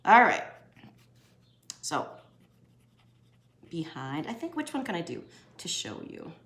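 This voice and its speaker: A woman's voice: low voice, wildly swooping pitch, a little slow, slight background noise. Chatty art teacher woman, echoey room. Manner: chatty, jokey, talks to herself while drawing. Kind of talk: casual drawing lesson.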